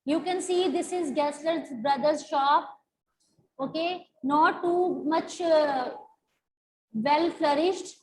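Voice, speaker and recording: In poor audio, a woman teaching English explains a story to her class, going over word meanings slowly and repeatedly. Her voice is high and a little mellow.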